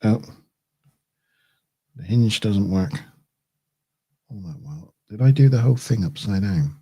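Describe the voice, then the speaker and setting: A man's voice: on the low side, lively intonation, measured pace, warm tone, husky. A man chatting casually on a livestream as he builds a model kit, thinking aloud, chuckling and correcting himself as he goes. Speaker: streamer.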